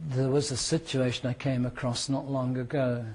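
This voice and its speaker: A British man teaching a law class to students, explaining with worked examples and repeating key points, sometimes speeding up and sometimes slowing down for emphasis. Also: medium pitch, flat delivery, darkish tone, a little hiss or hum. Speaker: law lecturer. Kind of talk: classroom lecture.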